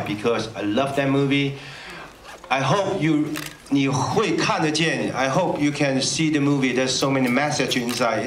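A man giving an earnest, halting speech to a premiere audience, full of pauses and fillers. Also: mid-range voice, fairly bright tone. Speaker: film director addressing the audience. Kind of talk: stage speech switching between Chinese and English. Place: cinema premiere stage. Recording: roomy, distant, with crowd noise. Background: audience murmur.

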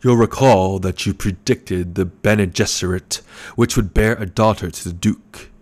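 A man doing a slow, menacing baron. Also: deep voice, steady tone, darkish tone. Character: gluttonous scheming older male baron.

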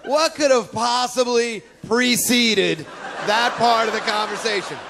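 A man's voice: extremely high pitch, a little slow, vocal fry, a bit bright. A man doing a brash, profane stand-up comedy set on a club stage, with mocking put-on voices. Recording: live club recording with crowd noise. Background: audience laughter and applause.

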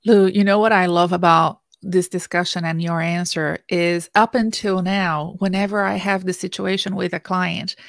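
A woman career coach hosting an interview, asking questions in a halting, casual way. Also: lowish voice, little pitch movement, vocal fry, no echo, studio quality. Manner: halting, frequent fillers and restarts.

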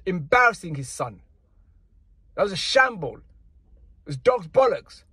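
Speaking a little slowly in a high, husky, sing-song voice that's pushed and bright, a man rants through casual boxing commentary. He's indignant and slangy, keeps repeating the same points, and the sound is dry and close with no room around it.

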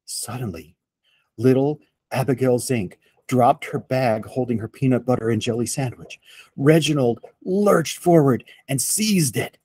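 Slow, husky storybook reader, a man. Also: mid-range voice, dry recording. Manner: slow, expressive read-aloud. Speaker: storyteller for children. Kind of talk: reading a picture book aloud.

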